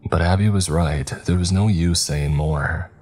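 A man with an extremely deep voice reads a first-person horror story in steady, measured narration. Faint music plays underneath.

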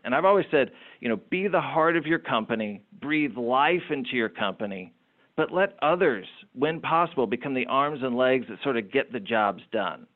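A middle-aged man, a small business owner, telling anecdotes as a guest in an interview, animated and prone to repeating words. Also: mid-range voice. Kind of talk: interview storytelling. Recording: phone-like narrow sound.

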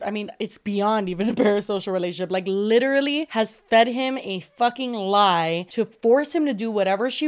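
A woman with a slightly higher voice co-hosts a commentary podcast. She reacts with blunt disbelief to what she hears. She swears freely and casually. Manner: incredulous reactions, frequent swearing. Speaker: podcast co-host.

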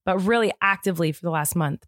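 A woman's voice: on the low side, fast talker, no echo. Chatty woman on a dry mic. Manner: chatty, animated storytelling with many "like"s. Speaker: podcast co-host. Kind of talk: casual chat.

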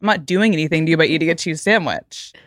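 A young woman hosting a casual podcast chat, blunt and animated, acting out little quoted voices. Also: low-pitched, fast talker, no room sound. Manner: animated, mimics others in quoted asides. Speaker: podcast host.

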